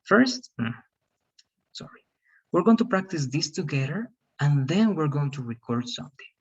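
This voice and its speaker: A man's voice: a little high, sing-song, normal speed, slightly rough, muffled recording. A man teaching English pronunciation over a video call, patient and repetitive, calling on students by name. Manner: patient, repeats okay and right, calls on students by name. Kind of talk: online class teaching.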